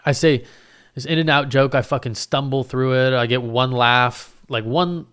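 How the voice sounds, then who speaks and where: A young man tells a story in a loose, rambling way, swearing freely and poking fun at himself. His voice is smooth and clear, with a mid-range pitch. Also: a little slow, a bit bright. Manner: profane, rambling, self-mocking. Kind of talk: casual storytelling.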